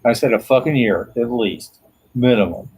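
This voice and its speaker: A man's voice: mid-range voice, normal speed, a little mellow, a little hiss or hum, poor audio. A middle-aged man in casual chat, rambling through profane stories with lots of laughter.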